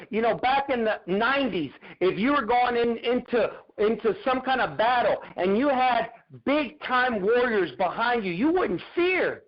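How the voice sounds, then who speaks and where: A man's voice: high-pitched, dull audio. A man giving a fervent, preacher-like motivational talk on a group video call, repeating his phrases. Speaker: motivational speaker.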